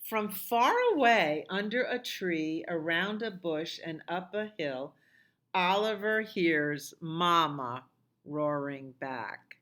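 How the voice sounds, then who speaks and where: Slow, gentle storytime librarian woman. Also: lowish voice. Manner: chatty, sing-song, asides to children. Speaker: children's librarian. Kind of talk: storytime read-aloud and singing.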